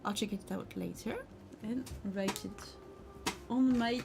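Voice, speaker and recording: A woman's voice: fairly high pitch, takes it slowly, creaky, very noisy. Chatty woman hosting a livestream. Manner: chatty, giggly, encouraging. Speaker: craft livestream host. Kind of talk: casual live chat reading comments. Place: home craft space.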